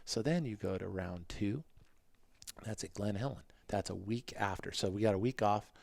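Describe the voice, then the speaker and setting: A man in his fifties, a podcast guest, telling racing stories in a casual, animated way and acting out what people said. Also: moderate pace, vocal fry, dry recording. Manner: animated, acts out quotes in a higher voice. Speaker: podcast guest, former motocross racer. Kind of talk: casual interview storytelling.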